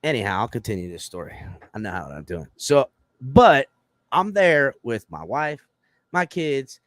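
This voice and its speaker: Animated, profane male storyteller. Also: medium pitch, unhurried, no echo, studio quality. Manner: acts out quoted lines in raised voice. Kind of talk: casual podcast chat.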